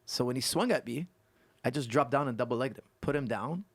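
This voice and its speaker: A man who is a guest coach on a podcast, telling stories and explaining technique in an animated way that repeats points for emphasis. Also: medium pitch, brisk, gravelly, husky, no echo. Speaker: guest martial arts coach. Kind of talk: casual podcast conversation.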